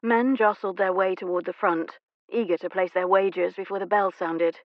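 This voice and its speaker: A woman narrating an audiobook in a measured, expressive way. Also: medium pitch, no echo. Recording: dry, slightly dull studio recording.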